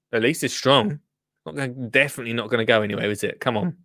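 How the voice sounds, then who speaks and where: A man hosting a casual livestream, chatting and joking as he reacts to a gardening show. He often restarts his sentences and coos at his plants in a high, sing-song voice. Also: quick pace, vocal fry, fairly bright tone. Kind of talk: casual chat.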